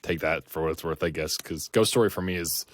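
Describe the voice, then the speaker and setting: Low-voiced dude rambling on a podcast, lots of ums and uhs, dry close mic. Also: male voice, brisk, dry recording. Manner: rambling, many fillers and restarts. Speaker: podcast co-host. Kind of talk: casual chat.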